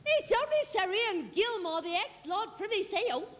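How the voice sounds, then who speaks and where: Brief: woman comic, high lively voice, compère patter, live onstage with music. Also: long reverb tail, noisy background. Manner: brisk showbiz compère patter, mock-grand. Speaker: comedian performing a one-woman show. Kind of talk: live stand-up with impressions. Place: London theatre stage.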